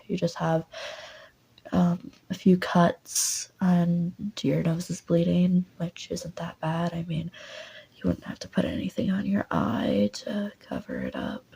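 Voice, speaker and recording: A woman voicing a young man, a boyfriend who speaks softly and teasingly in a low, husky voice. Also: heavily acted, rough recording. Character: young man Vance, blunt then tender boyfriend.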